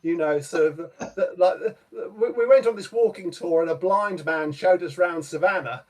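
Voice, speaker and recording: Halting man with a slightly high voice. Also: recorded from a distance. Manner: halting, repeats words and stacks fillers. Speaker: folk club performer. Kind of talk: casual chat after singing a song. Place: at home on a video call. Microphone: computer mic on a video call.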